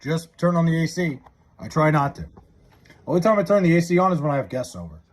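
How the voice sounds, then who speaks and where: Male streamer, husky voice, lively pitch, loose profane chat with viewers, drawls out joke names. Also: quick pace. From New York area. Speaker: livestreamer. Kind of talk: casual live stream chat, reading viewer comments. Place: his house.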